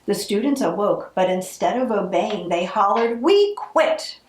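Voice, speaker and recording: A woman reading a holiday picture book aloud, with expressive narration. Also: mid-range voice, normal speed, roomy sound, a little hiss or hum, poor audio. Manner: expressive, acts out the characters. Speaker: storybook reader.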